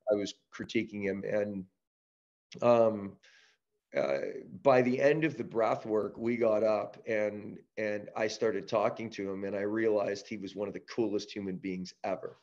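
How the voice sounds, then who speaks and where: A man from Canada, a guest on an interview show, telling a personal story in a casual, animated way with frequent restarts. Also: lowish voice, measured pace, muffled recording. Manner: animated storyteller, many restarts and "you know". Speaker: podcast guest, breath-work business founder.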